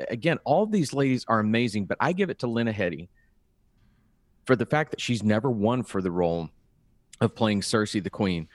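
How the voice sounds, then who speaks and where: A man's voice: fairly low pitch, dry recording. A man co-hosting an awards-prediction chat, talking eagerly and often repeating words as he starts a thought. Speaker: podcast co-host. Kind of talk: casual chat.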